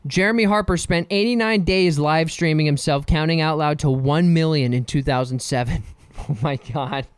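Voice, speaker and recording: A man's voice: a little high, moderate pace, smooth, no echo. A man hosting a casual solo podcast, rambling and joking and often laughing. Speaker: podcast host.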